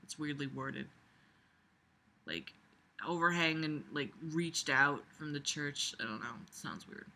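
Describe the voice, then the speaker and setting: A woman reads a book aloud, stopping often to swear and make fun of the writing in exasperated, sarcastic asides. Her voice is very bright and sharp. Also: deep voice, a little slow, slight background noise. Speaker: reader mocking a book. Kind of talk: comedic read-through with commentary.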